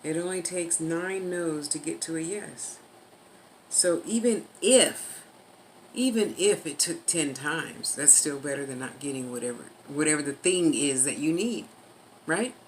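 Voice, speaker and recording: A woman talking casually to camera with life advice, rambling and chatty, now and then slowing down for emphasis. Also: deep voice, slight background noise, poor audio. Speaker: vlogger giving life advice.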